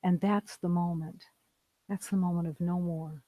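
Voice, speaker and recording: A spiritual teacher giving a slow, meditative talk in calm, repeated declarations. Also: medium pitch, dry recording, low-quality recording. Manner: calm, repetitive, declarative phrasing.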